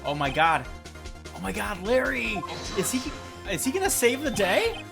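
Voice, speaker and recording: A woman streamer reacting to a courtroom video game, excitable and animated, swearing freely. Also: mid-range voice, moderate pace, vocal fry. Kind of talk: let's-play commentary. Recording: game music under voice.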